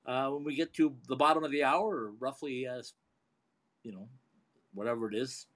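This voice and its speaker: A man's voice: medium pitch, fairly even intonation, moderate pace, fairly bright tone. A man hosting a sports radio show in an easygoing, rambling way. He talks in loose, casual sentences, padding them with fillers and restarts. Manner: rambling, filler-heavy, chuckling.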